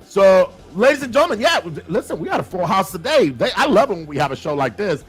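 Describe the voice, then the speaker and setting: Male livestream host, upbeat, runs viewer shout-outs, bilingual asides, faint music bed. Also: high-pitched, quick pace, husky. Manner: lively, shout-outs to viewers, mixes in Spanish phrases. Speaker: show host. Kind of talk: casual livestream chat.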